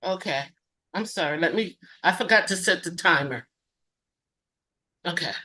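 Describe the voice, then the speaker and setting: A woman guest casually demonstrating a recipe and telling her story, halting and correcting herself often. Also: lowish voice, expressive, bright, forceful tone. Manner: halting, self-correcting, many fillers.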